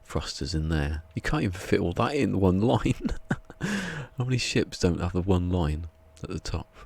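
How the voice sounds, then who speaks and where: A man's voice: low-pitched, sing-song, a little slow, vocal fry, a little mellow, slightly rough. A man chatting casually on a live game stream, rambling and wry, often muttering asides to himself.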